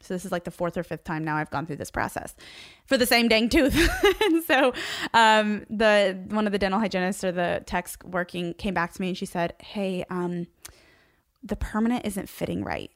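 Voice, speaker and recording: A young woman recounts a mishap in a chatty, animated way, laughing now and then between phrases. Her voice sits at an ordinary middle pitch. The sound is dry and close, with no room around it. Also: normal speed, no echo. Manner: chatty, animated, laughs often while telling. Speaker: social media creator. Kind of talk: casual storytelling to camera.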